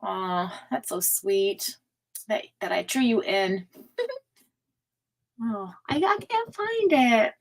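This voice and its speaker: A woman's voice: medium pitch, animated, slow, creaky, pauses often, rough recording. A woman hosting a casual livestream, chatting with viewers, reading their comments aloud and laughing often. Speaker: tarot livestream host.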